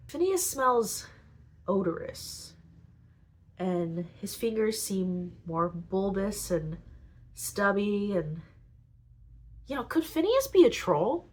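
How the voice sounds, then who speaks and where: Chatty and full of little asides, this woman runs through story plots for her podcast, leaning on the filler "like." She speaks in a mid-range voice with lively intonation, recorded at low quality.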